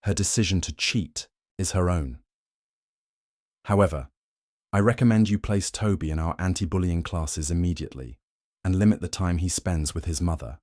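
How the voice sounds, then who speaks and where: A man's voice: sits low, moderate pace, darkish tone, no room sound, clean studio sound, natural voice. A man voicing a cold, cutting werewolf queen. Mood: stern. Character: fierce commanding young werewolf Luna woman.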